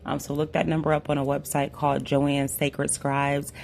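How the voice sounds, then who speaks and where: A tarot reader from the United States, hoarse after losing their voice, gives a casual, chatty reading that fills pauses with "um" and often says "you guys" and "y'all". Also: medium pitch, monotone, darkish tone, a little hiss or hum. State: hoarse, recovering from a lost voice.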